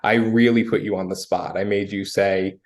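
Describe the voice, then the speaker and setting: Man telling a story in a relaxed way. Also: fairly low pitch, moderate pace. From United States. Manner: relaxed storytelling with frequent fillers. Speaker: sales guest. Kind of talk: casual conversational interview.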